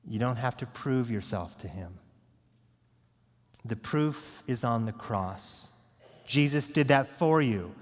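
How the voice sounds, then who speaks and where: Pastor guy preaching, earnest, goes quiet then loud, big church echo. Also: medium pitch, expressive, slow, long pauses. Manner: earnest, swings from hushed to raised. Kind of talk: sermon. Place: church sanctuary. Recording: long echo of a large church hall.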